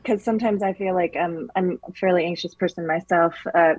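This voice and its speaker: A woman's voice: lowish voice, steady tone, brisk, a little mellow, husky, no echo, muffled recording. A woman interviewing podcast guests, speaking hesitantly with frequent restarts. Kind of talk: casual conversation.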